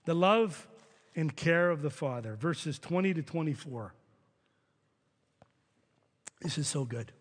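Man, pastor, earnest sermon, slightly high voice, long church reverb. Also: lively intonation, takes it slowly, pauses often. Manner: earnest, stumbles and repeats words. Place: church sanctuary. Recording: reverberant hall sound.

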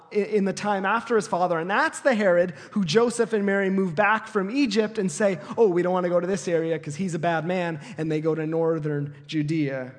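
A man preaching a sermon, explaining the story in a lively, animated way and correcting himself as he goes. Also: high voice. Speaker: pastor. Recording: long reverb of a hall.

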